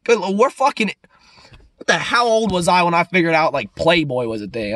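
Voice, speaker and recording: A young man in his twenties ranting casually to camera, profane and rambling, swinging between loud outbursts and low mutters. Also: fairly even intonation, a little fast. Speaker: vlogger.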